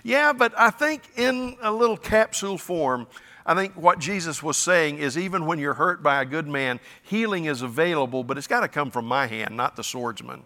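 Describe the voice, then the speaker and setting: A man's voice: fairly high pitch, animated, moderate pace, sharp tone, long reverb tail. A man preaching a sermon as pastor, earnest and conversational.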